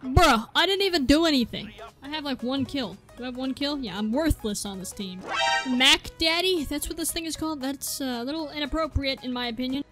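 Excitable high-voiced woman gaming. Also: a little fast. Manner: excitable, exclaiming and apologizing a lot; self-deprecating joking. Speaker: gaming video creator. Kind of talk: live gameplay commentary. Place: at home, seated at a gaming desk. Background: game music and gunfire.

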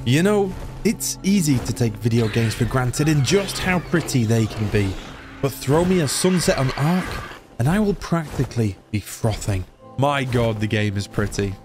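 A man from England giving casual, rambling commentary while playing a video game, swearing now and then. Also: medium pitch. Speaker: gaming YouTuber.

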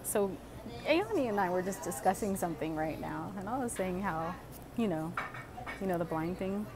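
A woman's voice: lowish voice, lively intonation, moderate pace, crowd noise, low-quality recording. A woman vlogging with her daughter, chatting casually and giggling often. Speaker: vlogger and mother. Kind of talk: casual vlog chat. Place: restaurant, then a mall coffee shop.

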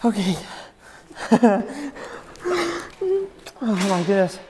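A young man, a groom, crying and laughing as he speaks and prays haltingly. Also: high-pitched, background noise. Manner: tearful, laughing through tears, halting. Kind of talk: emotional wedding first-look talk and prayer.

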